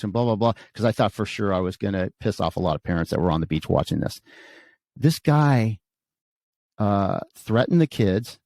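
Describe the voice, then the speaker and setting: A man hosting a podcast, telling a story in an animated way and acting out what people said. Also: on the low side, fairly quick, no room sound. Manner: animated storyteller, acts out quotes. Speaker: podcast host. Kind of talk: casual podcast chat.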